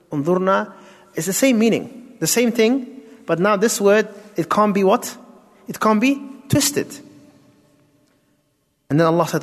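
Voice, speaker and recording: A man giving a Quran tafsir lesson, explaining step by step, asking rhetorical questions and mixing in Arabic terms. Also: a little high. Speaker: Islamic teacher. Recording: long hall reverb.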